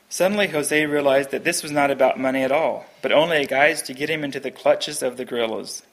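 A man reads a story aloud in a plain, earnest voice of middle pitch. He keeps the telling steady and simple, with only small shifts for the characters. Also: fairly quick, few pauses. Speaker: reader.

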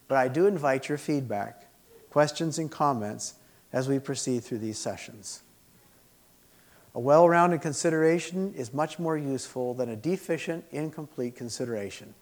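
Guy teaching a class, reads essays out loud, kinda gravelly and earnest. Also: medium pitch. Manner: earnest, measured, expressive reading. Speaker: teacher and pastor. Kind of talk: teaching presentation, reading aloud.

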